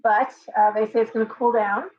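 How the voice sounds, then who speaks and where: In dull lo-fi livestream audio, a woman with a slightly high, fairly even voice talks a little fast. She's a tarot reader hosting a casual stream from a home room with open windows, chatting loosely and breaking off to baby-talk her pet parrot.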